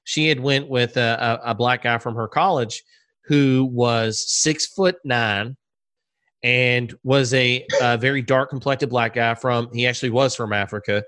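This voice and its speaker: A man's voice: medium pitch, steady tone, unhurried, fairly bright tone. Curious man asking probing questions. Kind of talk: casual conversational interview.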